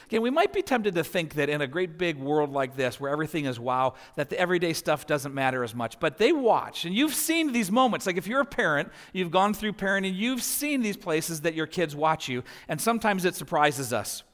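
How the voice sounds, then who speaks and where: A pastor in his forties, voice a little high and fairly bright, preaches with animation, talking a little fast and barely pausing. Long hall reverb surrounds him as he shares family stories, his pitch rising as they build.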